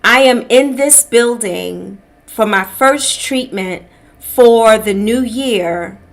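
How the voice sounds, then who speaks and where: A middle-aged woman hosting a podcast, telling a personal story in a slow, reflective way and calling her listeners beloved. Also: fairly high pitch. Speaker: podcast host. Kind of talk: personal testimony, casual talk.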